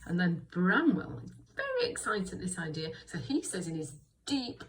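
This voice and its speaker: Woman, primary teacher type, low-ish voice, slow clear encouraging delivery for small kids. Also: wildly swooping pitch, a little hiss or hum, rough recording. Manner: slow, clear and encouraging, with many questions to the listener. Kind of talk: reading lesson for young children.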